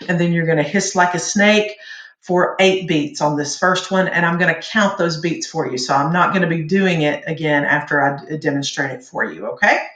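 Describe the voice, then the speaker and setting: A woman teaching a vocal warm-up lesson, patiently counting beats aloud for her students. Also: low-pitched, normal speed. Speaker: singing teacher. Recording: echoey room.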